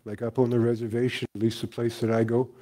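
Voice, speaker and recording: An older man giving a talk as a guest teacher, telling stories in a relaxed way with frequent chuckles. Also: medium pitch, quick pace. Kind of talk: storytelling talk.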